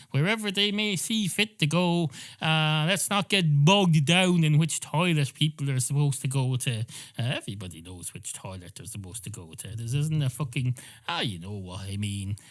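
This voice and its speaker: A man's voice: medium pitch, lightly acted. A man voicing a quarrelsome male barman who rambles and swears. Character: grumbling, argumentative male pub barman.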